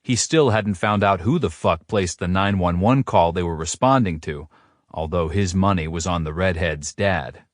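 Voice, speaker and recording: A man narrating a romance audiobook in a steady, first-person storytelling manner. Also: low voice, moderate pace, no echo, clean studio sound.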